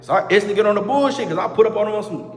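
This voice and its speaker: A man's voice: high-pitched, rapid-fire. A man telling a casual storytime, full of street slang and repeated oaths, acting out the heated parts. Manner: animated, acts out heated quotes. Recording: echoey room with long reverb.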